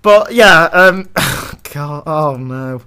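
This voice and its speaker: A man's voice: on the high side, animated, drawn-out words, sharp tone, clean tone. A young man co-hosting a casual podcast, joking and laughing often at his own lines. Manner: jokey, self-mocking, laughs often. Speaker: podcast co-host.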